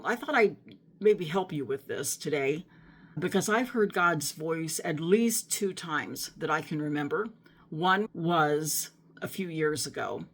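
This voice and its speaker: A middle-aged woman telling a personal faith story to her viewers in an earnest, emotional way, often restarting her sentences. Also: fairly low pitch. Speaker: Christian vlogger. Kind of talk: personal testimony talk to camera.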